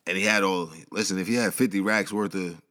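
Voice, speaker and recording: A man with a fairly low voice tells a story in loose, slangy commentary. He rambles through asides and chuckles along the way. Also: fairly even intonation, fairly quick, sharp tone. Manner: slangy, rambling, laughs at his own asides. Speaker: commentary vlogger.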